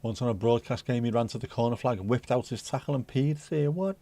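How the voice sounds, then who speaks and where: A man's voice: mid-range voice, steady tone, fast, dark tone. A man hosting a casual pub-style livestream, chatting and joking with mild swearing and reading news bits aloud. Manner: reads news excerpts aloud conversationally. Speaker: livestream host.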